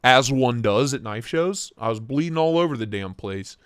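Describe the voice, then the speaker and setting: A young man hosting a casual knife livestream from his home office, excitable and joking as he reacts to chat. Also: medium pitch, normal speed, clean tone, no echo, studio quality. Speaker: livestream host reviewing knives. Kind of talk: casual live-stream chat.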